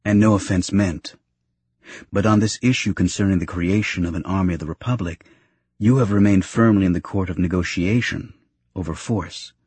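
A man's voice: low-pitched, moderate pace, a little mellow, breathy edge, no room sound. A man voicing a dutiful young male guard captain who speaks in a respectful, formal way. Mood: earnest.

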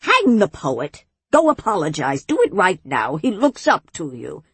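A woman's voice: fairly low pitch, huge pitch swings, unhurried, breathy edge, no echo, heavily acted. A woman voicing a bossy old witch who scolds and bellows at others in a storybook reading. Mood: exasperated.

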